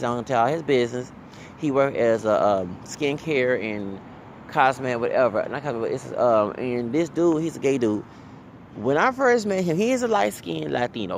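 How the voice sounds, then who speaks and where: A man's voice: medium pitch, slight background noise. A man from Texas, ranting casually as a vlogger, rambling, stumbling over repeated "uh"s and tagging lines with "okay?". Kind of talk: casual rant to camera.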